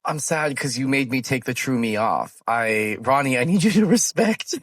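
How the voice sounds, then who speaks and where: A man's voice: mid-range voice, lively intonation, normal speed, a bit bright, dry recording, studio quality. A man co-hosting a podcast, teasing in casual chat with giggles. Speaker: podcast co-host.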